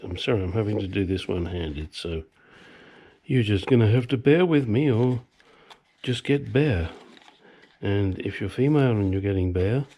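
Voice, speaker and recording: Home mechanic, male, slow and husky, low voice, rambling with cheeky jokes between steps. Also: warm tone. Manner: rambling, self-deprecating, cheeky asides. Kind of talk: hands-on workshop demonstration.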